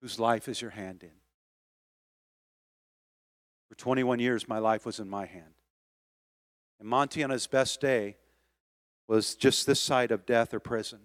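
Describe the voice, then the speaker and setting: Male pastor, sermon delivery, builds from soft storytelling to loud rallying calls, dry close mic. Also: medium pitch, steady tone, measured pace, pauses often, no room sound. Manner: preaching that swells from quiet storytelling to loud exhortation. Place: church sanctuary.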